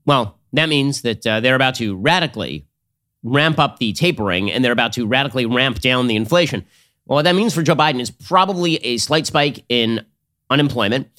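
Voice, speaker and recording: A man's voice: medium pitch, lively intonation, pushed and bright. A man hosting a political commentary show, talking in a sarcastic, combative monologue. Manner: sarcastic, rapid-fire, combative.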